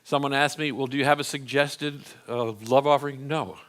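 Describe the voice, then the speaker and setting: A middle-aged man teaching a class to a live audience in a church hall. He talks in a plain, conversational way at a middle pitch and often stops to restart a sentence. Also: fairly even intonation, normal speed, fairly bright tone.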